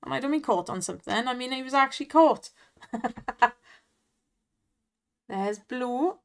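A chatty Welsh woman with a fairly high voice talks through slot spins in a loose, casual way. She laughs often and urges the reels on. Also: lively intonation, a little slow. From Wales. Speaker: online slots streamer. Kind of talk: casual chat and commentary over gameplay.

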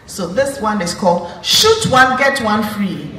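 A woman telling a folktale slowly, with a lilting delivery and chuckling asides. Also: medium pitch, animated, bright, forceful tone. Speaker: storyteller. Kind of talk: folktale narration. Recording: roomy, distant, faint noise.

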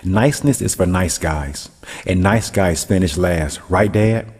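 Cocky lion cub, brash teasing tone, read by a man, husky low voice. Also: a little slow, a little mellow, long reverb tail. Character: cocky boastful young male lion cub.

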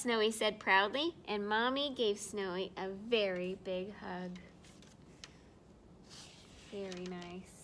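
A woman reading a picture book aloud to young children, animated and drawn-out, asking her listeners questions. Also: medium pitch, a little hiss or hum. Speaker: storyteller for children.

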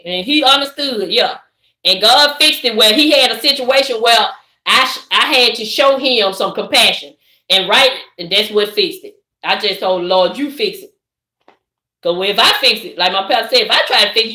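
A middle-aged woman with a Southern accent, chatting live and preaching to her viewers in a lively, direct way. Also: mid-range voice, echoey room. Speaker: vlogger. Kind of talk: casual live-stream chat.

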